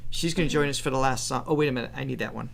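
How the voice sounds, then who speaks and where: A man's voice: mid-range voice, rapid-fire, vocal fry. A man co-hosting a casual music reaction show as vocal coach, cheerful and often laughing.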